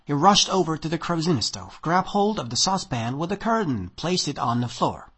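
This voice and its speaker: A man narrating a short story in an audiobook reading, with expressive storytelling and a dry, measured delivery. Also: on the high side, husky.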